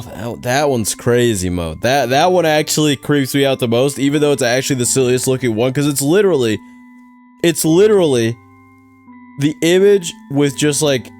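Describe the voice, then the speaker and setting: A young man hosting a reaction video at a mid pitch, talking in casual slang. He jokes around and thinks out loud as he picks apart creepy clips.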